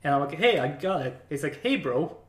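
Man, IT worker, casual chat, laughing, swearing, slightly high voice, distant, roomy echo. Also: animated, a little fast. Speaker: IT help desk worker. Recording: echoey room, off-mic.

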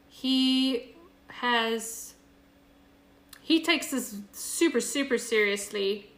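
A woman's voice: a little high, sharp tone, reverberant. A woman leading a Bible study over a video call, chatty and earnest, with many fillers and restarts. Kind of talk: casual online Bible study teaching.

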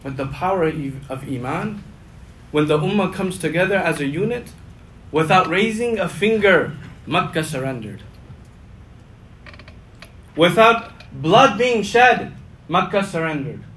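A male imam giving a Friday sermon, passionate, swinging between loud emphatic lines and hushed low ones, repeating key phrases. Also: expressive, a little slow, pauses often, rough recording.

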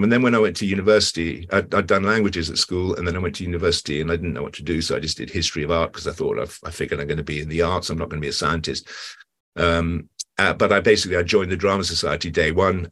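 In a casual interview chat, an actor tells stories full of asides and restarts. His voice is deep and a bit bright.

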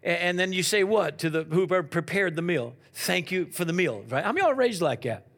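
A man preaching a sermon, asking the congregation questions and swinging from loud to quiet. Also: high voice, fast. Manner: animated preaching with call-and-response questions. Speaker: pastor.

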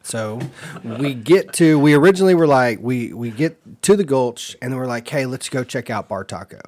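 A man co-hosting a casual podcast, recounting a story in a laid-back way, clearing his throat now and then. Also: medium pitch, expressive, normal speed, a little mellow. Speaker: podcast co-host. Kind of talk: casual chat.

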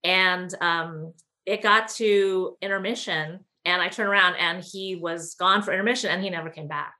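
A woman, a film producer being interviewed, telling stories in an animated way with many fillers. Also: lowish voice, moderate pace. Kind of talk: conversational interview.

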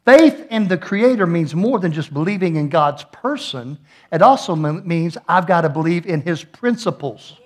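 High-voiced joking pastor. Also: male voice, animated, normal speed. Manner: folksy, joking storyteller with playful asides. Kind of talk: sermon.

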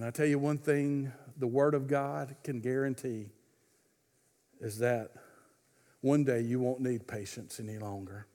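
A man preaching a sermon, swinging between loud, fervent exhortation and hushed, intimate pleading. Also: mid-range voice, fairly even intonation, measured pace, in a large hall. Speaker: pastor.

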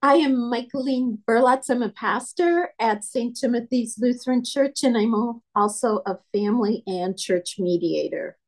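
A woman who is a pastor and mediator, leading a panel discussion and telling stories with lots of expressive emphasis. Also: on the high side, normal speed, few pauses. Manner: animated storyteller, voice rising with emphasis.

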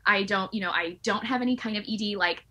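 A woman's voice: mid-range voice, fast talker, pushed and bright, muffled recording. A woman in casual podcast chat, emphatic and indignant as she tells her own stories.

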